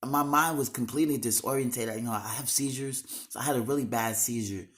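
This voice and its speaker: A man's voice: medium pitch, brisk, fairly bright tone. A young man talking straight to the camera in a raw, emotional monologue, slangy and full of swearing.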